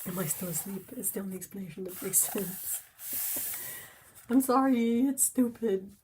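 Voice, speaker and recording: A woman hosting a casual livestream from home, chatty and exclamatory with frequent laughs, cooing softly at her cats. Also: mid-range voice, unhurried, noisy background. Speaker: livestream host.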